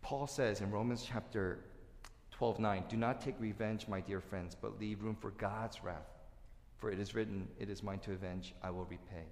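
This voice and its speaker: A man's voice: lowish voice, moderate pace. Man preaching in an echoey hall. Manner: animated, shifts between loud emphasis and quiet asides. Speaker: pastor. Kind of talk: sermon. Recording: echoey hall with long reverb.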